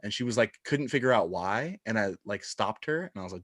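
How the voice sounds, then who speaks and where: A man's voice: lowish voice, expressive, brisk, fairly bright tone. A young man tells stories with animation, jumping into the voices of the people he quotes. His voice sounds dry and close, with no room echo, as he chats casually with a co-host. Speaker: podcast co-host. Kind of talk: casual chat.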